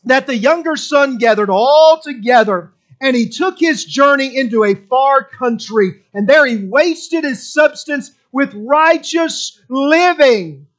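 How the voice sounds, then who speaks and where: A man's voice: very high voice, slow, a bit bright. A middle-aged man preaching a sermon with impassioned, repetitive emphasis.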